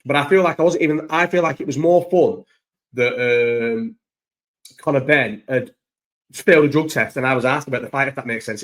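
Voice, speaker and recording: A man's voice: medium pitch, fairly bright tone. A young man chatting at home in a laid-back vlog, with a mid-range voice. He rambles, swears casually and keeps restarting his thoughts as he goes. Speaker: vlogger. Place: at home, indoors. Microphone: own recording setup, maybe not through the microphone.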